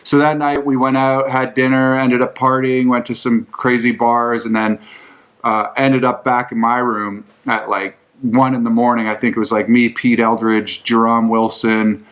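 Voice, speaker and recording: A man's voice: mid-range voice, level tone, moderate pace, a bit bright. A man hosting a podcast, answering listener questions with casual, rambling storytelling, swearing often and filling his talk with "like". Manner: profane, rambling, full of "like".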